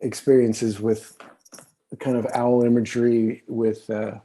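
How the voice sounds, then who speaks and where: A man's voice: medium pitch, little pitch movement, unhurried, mellow. A man in his fifties, a podcast guest telling stories in a rambling, profane way, full of fillers and restarts. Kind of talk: casual conversational storytelling.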